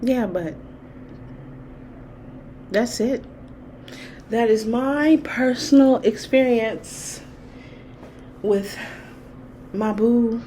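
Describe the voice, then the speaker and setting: A woman's voice: fairly high pitch, extremely slow, pauses often, dark tone, a little hiss or hum. A woman hosting her own spiritual channel, telling a personal story in a chatty, casual way with lots of laughter. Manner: chatty, laughs often, vivid quoted reactions.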